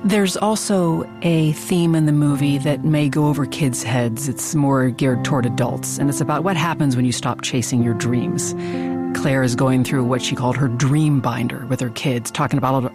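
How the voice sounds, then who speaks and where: A woman interviewing a guest on public radio, asking measured, curious questions. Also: rumbling low, steady tone, over music.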